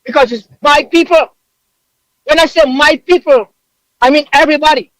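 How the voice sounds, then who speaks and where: A man's voice: very high voice, moderate pace, a bit bright, no echo, rough recording. A man, calling in from abroad to a talk radio show, emotional and preaching with emphatic repetition. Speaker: caller living abroad. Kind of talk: impassioned call-in rant.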